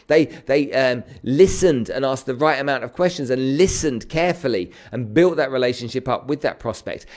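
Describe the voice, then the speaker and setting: A middle-aged man giving a lively sales coaching talk on a live stream, greeting viewers by name. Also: mid-range voice.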